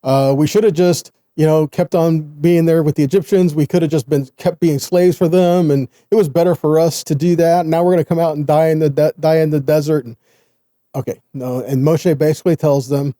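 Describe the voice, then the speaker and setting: A man's voice: fairly high pitch, normal speed, warm tone, no echo, studio quality. A man with a Southern US accent giving an earnest Bible teaching, often addressing his listeners as guys.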